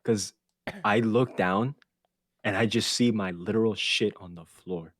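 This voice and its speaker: A man with a somewhat low voice tells a story on a podcast, loose, animated and full of swearing. He breaks into laughter now and then. The sound is close and dry, with no room around it. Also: unhurried, no room sound. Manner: animated, profane, laughs through his story. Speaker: podcast host. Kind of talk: casual storytelling chat.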